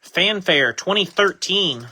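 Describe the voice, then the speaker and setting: A man's voice: high-pitched, lively intonation, slow pace, sharp tone, slight background noise. A man hosting a live trading-card break, casually chatting while he reads out each card he pulls.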